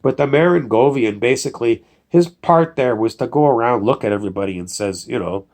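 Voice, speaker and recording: A man's voice: medium pitch, fairly quick, few pauses, a little mellow. A man, a producer, talking in a casual, digressive monologue full of fillers and lost threads. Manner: digressive, loses his train of thought, many fillers.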